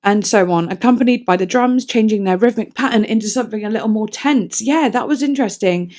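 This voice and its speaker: A young-sounding woman talks her way through a song review in an easy, chatty vlog voice. She is enthusiastic and a little self-deprecating, often drifting into soft, thoughtful asides. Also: fairly high pitch, fairly quick. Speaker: music reviewer.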